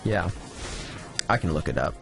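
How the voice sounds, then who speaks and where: A man's voice: low-pitched, animated, moderate pace, gravelly. A young man in casual gaming chat, blunt and swearing casually. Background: faint game music.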